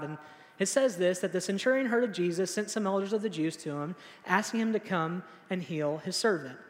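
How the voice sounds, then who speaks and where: A man's voice: echoey room, long reverb tail. A young man preaching a sermon in a casual, storytelling way, acting out the people he quotes. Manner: casual, storytelling, acts out quotes with rising pitch. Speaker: pastor.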